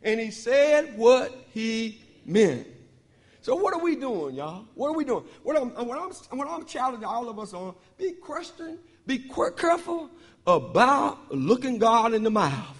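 High-voiced man preaching in an echoing hall. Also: big pitch swings, a little slow. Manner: emphatic call-and-response preaching, swinging from loud to hushed. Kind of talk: sermon. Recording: long hall reverb.

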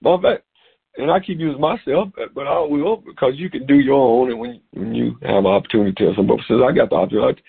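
Middle-aged preacher man on a phone call, raspy gravelly voice, tinny line. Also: on the high side, fast. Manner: animated, repeats words, breaks into laughter. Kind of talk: sermon.

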